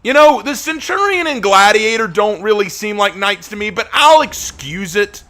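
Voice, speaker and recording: A male game streamer in the middle of a live-stream rant, his voice sitting a little high with a bright, forceful edge. He keeps circling back to his points with sarcastic repetition, clearly exasperated, and the heat keeps building. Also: lively intonation, moderate pace.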